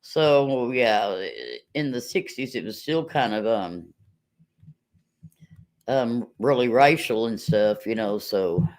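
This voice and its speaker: A woman's voice: extremely low pitch, slow pace, long pauses, darkish tone. A woman, chatting casually on a livestream, rambling and laughing often. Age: 50s. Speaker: livestream host.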